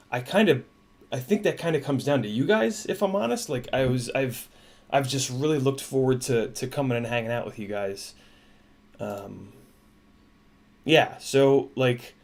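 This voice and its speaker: A man hosting a casual livestream, talking in a halting, emotional way with many restarts. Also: mid-range voice, darkish tone. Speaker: livestream host.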